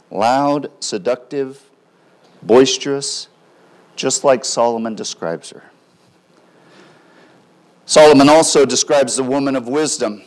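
A man preaching a sermon, swinging between loud emphatic lines and soft, quiet drops. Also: mid-range voice. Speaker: pastor.

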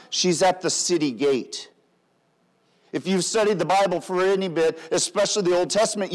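A man preaching a sermon, swinging between loud emphatic lines and soft, quiet drops. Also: high-pitched. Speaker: pastor.

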